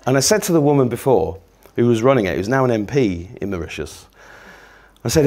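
A man's voice: medium pitch, animated, brisk, darkish tone. A man, giving a sweary, rambling, self-mocking comic talk to a live audience. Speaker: podcast host giving a talk.

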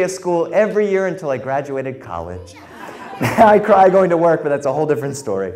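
A middle-aged man telling a story in a live performance in a library, animated and playful, slipping in Spanish phrases. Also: a little high, normal speed.

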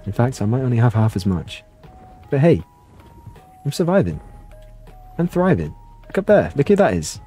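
A young man doing live gameplay commentary, playful and excitable, reading chat and yelping at the action. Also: moderate pace, pauses often, faint music behind. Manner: playful and excitable, jumping to high yelps. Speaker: streamer.

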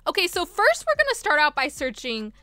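Bright, lively high-voiced woman. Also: fairly quick, soft background music. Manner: excitable, bursts into laughter and loud exclamations. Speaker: YouTuber. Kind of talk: reacting to video clips.

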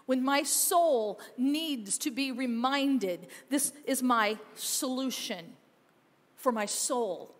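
A woman pastor preaching a sermon, emphatic, moving between loud urging and quiet, intimate passages. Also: high-pitched, slow pace. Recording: long reverb of a church hall.

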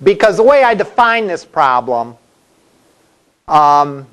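A man's voice: on the high side, very animated, slow, a bit bright. A male college instructor giving a classroom lecture in a conversational way, asking the class questions as he goes.

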